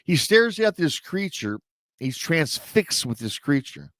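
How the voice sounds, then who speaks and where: A man's voice: on the high side, big pitch swings, takes it slowly, a bit bright, dry recording. A man hosting a show, casually retelling a listener's true encounter story with rambling asides to his audience. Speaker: host and storyteller.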